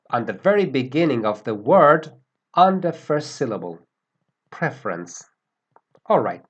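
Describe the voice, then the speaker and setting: Slow, lively-voiced male English teacher. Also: medium pitch. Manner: slow, deliberate, repeats words for pronunciation. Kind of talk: grammar lesson.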